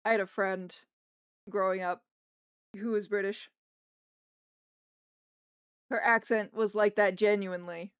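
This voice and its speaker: A woman chatting on a livestream from her desk at home, wandering from one story to the next and stopping to talk to her pets. Her voice is smooth and clear, and she takes her time. The mic sits close in a dry room. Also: medium pitch, steady tone, measured pace, long pauses, no echo. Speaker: streamer. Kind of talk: casual livestream chat while drawing. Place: home desk in a wheeled chair.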